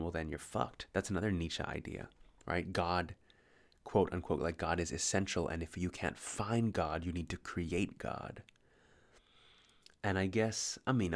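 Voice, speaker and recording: A man speaks in a very low, gravelly voice, tired and slightly slurring his words. He rambles through a late-night philosophical monologue, musing, pausing and correcting himself as he goes.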